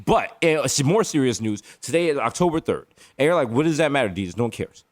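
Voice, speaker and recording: A man co-hosting a comedy podcast from home, riffing in casual deadpan banter. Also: medium pitch, quick pace. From the Bronx, New York. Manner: laid-back, deadpan, riffing with profanity. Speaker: podcast co-host.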